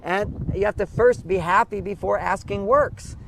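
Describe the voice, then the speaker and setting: Animated man giving relationship advice outdoors. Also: high-pitched, normal speed, gravelly, noisy background. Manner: animated, acts out quoted voices. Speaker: interview guest, relationship advisor. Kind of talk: casual interview, advice-giving.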